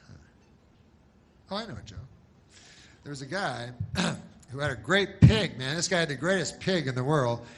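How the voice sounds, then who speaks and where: Rambling deadpan stand-up comic man. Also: a little high, a little hiss or hum. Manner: rambling deadpan delivery with long pauses and restarts; mocks a pushy announcer in loud bursts. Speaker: comedian. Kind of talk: stand-up comedy routine.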